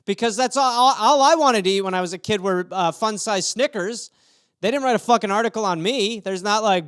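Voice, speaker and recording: A man with a high, smooth voice riffs through a solo comedy podcast. He talks profanely and rambles from one absurd scenario to the next. The sound is close and dry, with no room echo. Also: a little fast, a bit bright. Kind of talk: solo comedic riffing on news stories. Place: home room.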